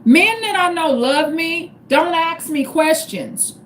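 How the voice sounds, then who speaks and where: A woman's voice: extremely high pitch, animated, takes it slowly, a little hiss or hum. A woman hosting a live stream, giving casual advice in a repetitive, emphatic way that spells each point out step by step. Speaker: livestream host.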